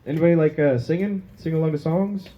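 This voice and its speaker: A man's voice: a little high, quick pace, muffled recording, a little hiss or hum. A man doing a crude, self-mocking stand-up set on a small pub stage, laughing at his own jokes. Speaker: stand-up comedian.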